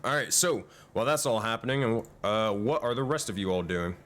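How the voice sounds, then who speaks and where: A man's voice: fairly low pitch, animated, a little fast, fairly bright tone. A man running a tabletop game as game master, loose and profane, laughing often.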